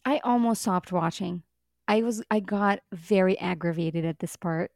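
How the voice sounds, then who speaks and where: Animated woman co-hosting a podcast. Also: on the low side, moderate pace, vocal fry, no room sound, studio quality. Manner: animated, exasperated, swears and laughs. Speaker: podcast co-host. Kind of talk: casual podcast chat.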